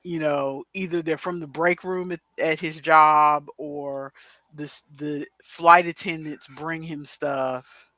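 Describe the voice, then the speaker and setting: Middle-aged woman co-host, bright dry voice, rambly chatty talker on a video call. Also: deep voice, fairly even intonation, slow, dry recording. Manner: rambling, chatty, many asides. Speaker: podcast co-host. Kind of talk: casual chat.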